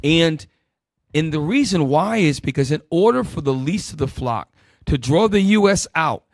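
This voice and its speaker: A man preaching a Bible lesson with a fairly high voice, pushing hard on key points and then dropping low for asides. He calls out verses and directs his helpers as he teaches. The sound is dry and close, with no room around it. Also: animated, moderate pace, dry recording. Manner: emphatic, swinging between loud bursts and low asides. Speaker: Bible teacher leading the class. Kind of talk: street-style Bible teaching sermon.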